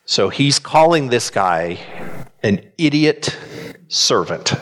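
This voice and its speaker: A man preaching a sermon, animated and asking his listeners questions. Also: mid-range voice. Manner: animated, asks the congregation questions. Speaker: pastor.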